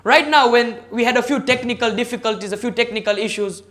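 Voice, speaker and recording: A man's voice: very high-pitched, fast talker, fairly bright tone. A man giving a motivational lecture on public speaking over a video call, stressing his points one by one and putting questions to his listeners. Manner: emphatic, enumerates points, questions the audience directly. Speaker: guest speaker at a service club forum. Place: online meeting.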